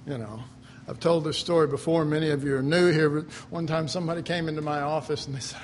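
High-voiced, chatty male pastor. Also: steady tone, fast, slight background noise. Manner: conversational, folksy preaching with stories and chuckles; acts out quoted voices. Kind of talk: sermon.

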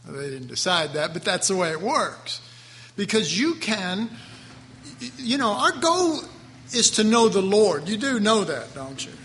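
Bright high-voiced man teaching the Bible. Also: sing-song, a little slow, long pauses, long reverb tail, slight background noise. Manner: folksy, chuckling asides, conversational preaching. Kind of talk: sermon.

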